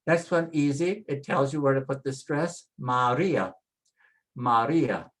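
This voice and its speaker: A pronunciation instructor teaching Spanish names, spelling out the vowels and repeating each name slowly and patiently. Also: medium pitch, fairly even intonation. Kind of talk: spoken pronunciation lesson.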